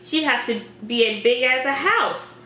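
A woman's voice: high-pitched, animated, moderate pace, bright, forceful tone, reverberant. A woman reading the lines of a friendly teenage boy who hosts a school show, upbeat and playful.

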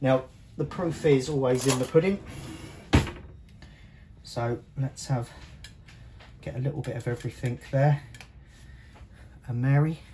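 A man of average pitch hosts a cooking demonstration in a kitchen. He talks in a relaxed, chatty way, guiding viewers step by step. Faint noise sits underneath his voice. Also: a little slow, long pauses. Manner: chatty, walks viewers through each step. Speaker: cooking show host.

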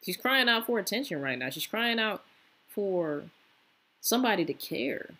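A woman's voice: mid-range voice, lively intonation, moderate pace, sharp tone, a little hiss or hum. A woman hosting a reaction video, giving blunt, sympathetic commentary. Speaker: reaction channel host.

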